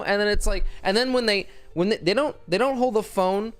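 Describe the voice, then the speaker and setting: A man's voice: sits high, a little fast, few pauses, soft background music. A young man streaming a video game, chatting casually in a rambling, crude and joking way, full of swearing. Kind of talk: casual gaming stream chat.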